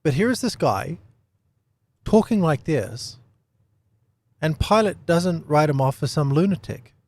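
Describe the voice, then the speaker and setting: A man's voice: on the high side, expressive, a little slow, a little mellow. Chatty man giving casual Bible teaching. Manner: chatty, laughs often, asks "right?".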